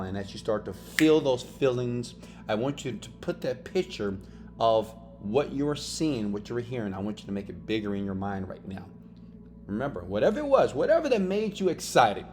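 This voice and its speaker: A motivational course teacher with a medium-pitched, somewhat dark voice delivers an emphatic self-help lesson, peppering it with "right?" and "okay?" Music plays beneath his speech.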